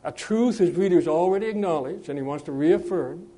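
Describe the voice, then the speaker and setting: Man, preacher, sermon, higher pitch, warm tone, hesitant, slows for scripture readings. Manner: measured, with frequent hesitations and restarts; slows and lifts his voice when reading scripture.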